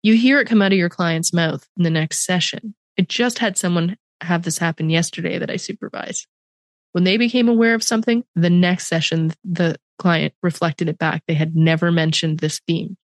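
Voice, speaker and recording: A woman's voice: fairly low pitch, normal speed, no room sound, clean studio sound. A middle-aged Canadian woman hosting an interview, talking in a reflective, emphatic way. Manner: reflective, emphatic, animated in places. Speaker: podcast host. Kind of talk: conversational interview.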